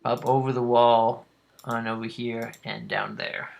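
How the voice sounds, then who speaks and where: A man's voice: mid-range voice, level tone, vocal fry, slight background noise. Man narrating as game master. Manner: unhurried scene narration with frequent ums.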